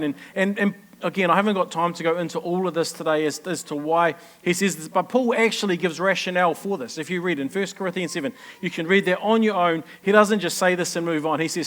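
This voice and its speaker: Pastor, high male voice, chatty sermon that keeps checking in with the room. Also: fairly quick, fairly bright tone. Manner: chatty, asks the congregation questions. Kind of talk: conversational sermon.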